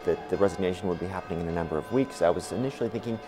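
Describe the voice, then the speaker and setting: A man's voice: sits low, very fast, hardly any pauses, music in the background. A man, a reporter, gives thoughtful live commentary with frequent restarts.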